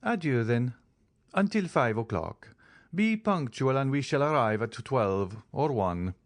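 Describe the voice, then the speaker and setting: A man's voice: medium pitch, animated, measured pace, no echo, studio quality, close to an everyday voice. A man reading as a composed aristocratic count. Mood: calm. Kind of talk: audiobook character reading.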